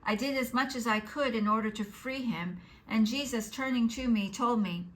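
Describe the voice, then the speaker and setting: A woman giving an earnest, measured reading of a religious text aloud. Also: fairly high pitch, low-quality recording. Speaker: devotional reader.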